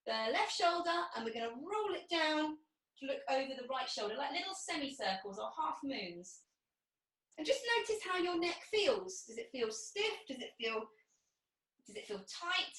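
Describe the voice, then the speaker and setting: Bright, high woman leading pilates. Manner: encouraging, cueing breaths and movements. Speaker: pilates instructor. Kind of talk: guided exercise class. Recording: echoey room, distant mic.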